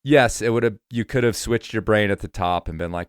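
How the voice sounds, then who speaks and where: Male podcast host with a lowish, dry-miked voice, casual and emphatic. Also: brisk, smooth, dry recording. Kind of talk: casual interview chat.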